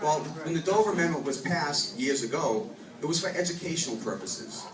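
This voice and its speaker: A man's voice: fairly high pitch, expressive, a little fast. A man, a state legislator, giving an impassioned speech at a public neighborhood meeting, at times raising his voice. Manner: impassioned, rising to raised voice. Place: large meeting hall with a crowd. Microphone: distant room microphone. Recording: echoey hall, far from the mic, crowd noise.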